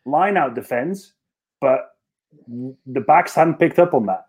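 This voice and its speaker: A man in casual podcast conversation tells a long anecdote about his playing days. His speech is halting and full of restarts, and laughter breaks in as he goes. His voice sits a little high. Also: lively intonation, darkish tone, husky. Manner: halting, many restarts and fillers, laughs while telling. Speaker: professional rugby player, podcast guest. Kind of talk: casual storytelling chat.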